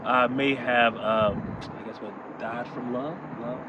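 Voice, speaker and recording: A man co-hosting a laid-back podcast, speaking in halting, easygoing bursts full of fillers. He agrees readily with his co-host. Street noise and passing traffic sit clearly behind him. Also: medium pitch. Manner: relaxed, hesitant, many "uh"s, agreeable. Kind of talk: casual chat. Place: outdoors. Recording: dull lo-fi outdoor audio with traffic noise.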